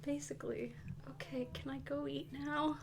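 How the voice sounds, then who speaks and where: A woman's voice: high-pitched, steady tone, moderate pace, gravelly, background noise. A woman streaming a game, casually chatting, exasperated and swearing as she scolds the characters. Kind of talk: casual live gameplay chat.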